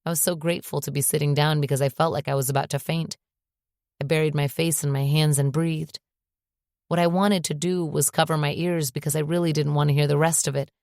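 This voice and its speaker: Low-pitched female audiobook narrator, expressive first-person read, dry close mic. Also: a little fast, dry recording.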